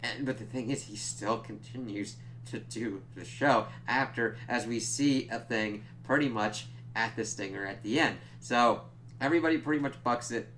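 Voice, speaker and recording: There's slight background noise as a young man reviews a TV episode in a mid-range, fairly bright voice at a moderate pace. He's rambling and profane, acting out lines he quotes.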